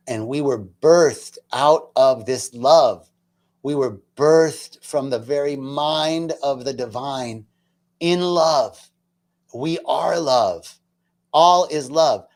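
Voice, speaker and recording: A man of middle pitch speaks with deep feeling, sliding from hushed, near-whispered passages to loud, fervent lines. He talks casually and chattily, breaking in with self-mocking asides. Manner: earnest and emotional, dropping to near-whispers then rising loud. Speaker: spiritual talk host. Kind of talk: personal spiritual storytelling talk.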